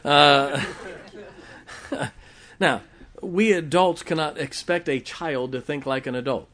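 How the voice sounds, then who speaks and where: A man's voice: fairly high pitch, slow, a bit bright. A middle-aged man preaching a folksy sermon, often asking the congregation questions. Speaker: pastor.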